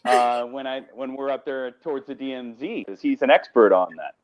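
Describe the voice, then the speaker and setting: A man hosting a casual talk show, relaxed and halting with fillers. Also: medium pitch, dull audio. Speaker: host. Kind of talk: casual chat.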